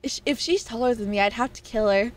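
Her pitch is fairly high and she talks fast. This woman streamer jokes around with her viewers in a teasing, playful way, laughing often during the casual live-stream chat.

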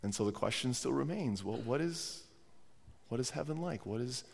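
A man's voice: medium pitch, animated, moderate pace, vocal fry, darkish tone, slight background noise. A man preaching a sermon as pastor while he has a cold, earnest and often repeating words as he restarts his phrases. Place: church sanctuary. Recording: long church hall reverb.

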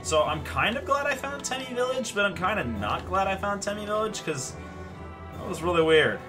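A man's voice: high voice, sing-song, normal speed, over music. Chatty man playing through a game. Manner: chatty, self-deprecating, reads game text aloud. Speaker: let's play host. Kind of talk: casual gameplay commentary.

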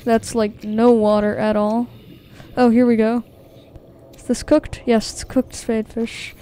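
A woman's voice: on the high side, flat delivery, slow, warm tone. A woman commentating her own gameplay, easily startled, nervously repeating herself and talking straight to her viewers. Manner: talks to her viewers directly. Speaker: video game streamer. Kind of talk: let's-play gameplay commentary.

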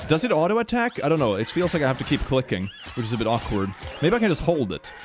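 A man streaming a video game, chatting and thinking aloud as he plays and often breaking into high laughter. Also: very animated, fast talker, few pauses, a little hiss or hum. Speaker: gaming streamer. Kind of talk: live game commentary.

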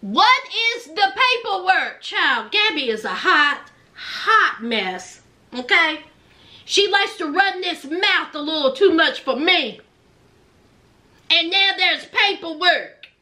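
A reality show recap host dishes gossip in a very high, bright, sharp voice. She speaks slowly and sassily, her pitch swooping up and down in big animated arcs, and she calls her listeners "child" and "honey."

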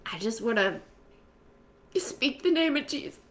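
A woman leading a spoken prayer for a women's group, calling out loudly at times and dropping to a whisper at others. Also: fairly high pitch, animated, a little slow. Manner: swings from loud fervent calls to soft whispered prayer.

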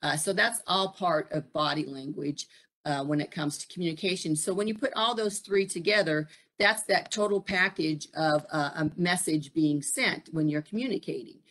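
A middle-aged woman presenting a live-streamed workshop, pausing often with fillers and putting questions to her audience. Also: low voice, fairly bright tone. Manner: frequent fillers and pauses, asks the audience questions. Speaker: presenter at a military family program.

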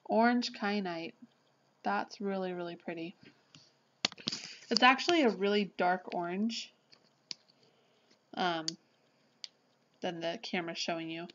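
Excitable woman gushing over a haul. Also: lowish voice, a little slow, pauses often, dull audio, noisy background. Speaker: vlogger. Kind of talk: casual unboxing chat.

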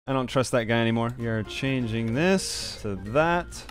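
A man playing a video game with animated, loud outbursts. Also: mid-range voice, normal speed, faint music behind. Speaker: gamer. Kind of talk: casual gaming chat.

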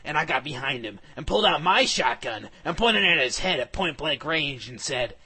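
A man reads fan fiction aloud for laughs, hamming up the drama and now and then shouting. His voice is forceful and bright, with a husky grain to it. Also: mid-range voice, lively intonation, moderate pace, hardly any pauses. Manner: mock-dramatic, bursts into shouting. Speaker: reader. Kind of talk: comic reading of fan fiction.

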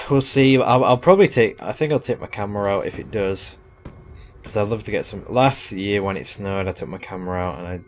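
A young man talks his way through a live match in an easy, rambling way, poking fun at himself as he goes. His voice sits fairly low. A faint hiss of noise lies under the recording. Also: brisk. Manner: casual, rambling, self-deprecating with laughs. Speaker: gaming commentator. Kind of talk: live gameplay commentary.

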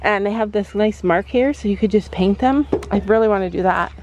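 A woman's voice: medium pitch, brisk, muffled recording, noisy background. A woman vlogging casually at a horse barn, chatting to her viewers and cooing praise at her horses. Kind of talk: casual vlog chat.

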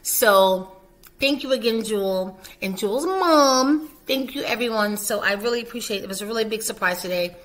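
A chatty middle-aged woman with a bright, clear voice talks straight to camera. She sounds like a nurse educator who reassures her students and keeps a casual, motherly tone. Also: fairly high pitch, lively intonation, normal speed. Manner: warm, chatty, emotional, reassuring. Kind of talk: casual vlog talk to camera.

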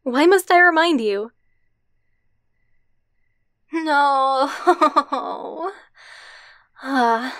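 A brash, swearing tsundere girlfriend, played by a young woman in an ASMR roleplay voice message. Her voice sits high and she takes her time with the words. The sound is bone dry and close to the mic. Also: fairly bright tone, dry recording. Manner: swears a lot, gruff then embarrassed.

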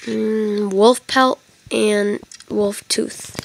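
A woman's voice: medium pitch, steady tone, takes it slowly, creaky, a little hiss or hum. A tired woman giving casual, rambling commentary to viewers while playing a video game, joking as she goes. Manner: rambling, jokey, talks to viewers. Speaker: let's play gamer.

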